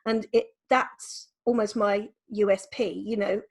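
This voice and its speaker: A woman's voice: medium pitch, flat delivery, a little slow, gravelly, husky. A woman, a photographer, answering interview questions over a video call in a thoughtful, hesitant way. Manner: thoughtful, hesitant, with ums and repeats. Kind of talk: casual conversational interview.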